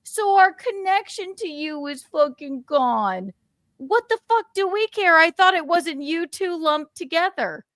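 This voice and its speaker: A woman's voice: very high voice, lively intonation, a little slow, fairly bright tone, dry recording, clean studio sound. A woman co-hosting a livestream, ranting angrily and swearing in heated casual chat. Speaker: livestream co-host.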